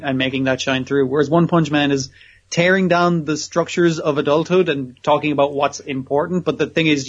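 A man's voice: medium pitch, husky, muffled recording. A man chatting casually on a podcast, rambling and swearing a lot, laughing often. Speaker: podcast co-host. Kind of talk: casual chat about anime.

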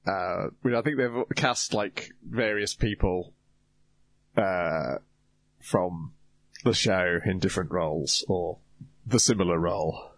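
A man on a podcast explaining things in a measured, casual way. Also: low voice, no room sound. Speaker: podcast co-host. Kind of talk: casual chat.

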